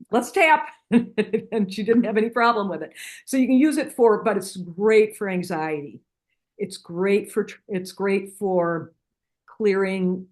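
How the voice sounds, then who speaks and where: Earnest middle-aged woman explaining healing techniques. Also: medium pitch. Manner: earnest, with frequent restarts and lively retold dialogue. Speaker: guest practitioner from a spiritual healing center. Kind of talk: conversational interview, explaining and storytelling.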